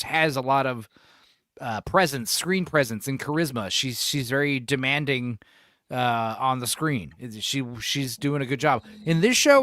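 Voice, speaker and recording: A man's voice: a little high, a bit bright, no room sound, studio quality. A man hosting a podcast, rambling and profane in casual chat, laughing often. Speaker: podcast host.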